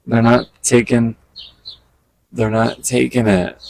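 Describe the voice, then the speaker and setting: Gravelly, chatty man vlogging in a park. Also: medium pitch, no echo, rough recording. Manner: chatty and excitable, talks to birds, quick asides. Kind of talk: casual outdoor vlog chat. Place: outdoors in a park. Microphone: handheld camera.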